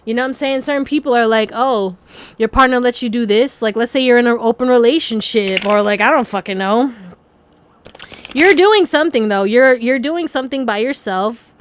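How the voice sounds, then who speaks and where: A woman's voice: a little high, animated, a little fast. A young woman giving a casual pick-a-card tarot reading, chatty and rambling, swearing freely and laughing often.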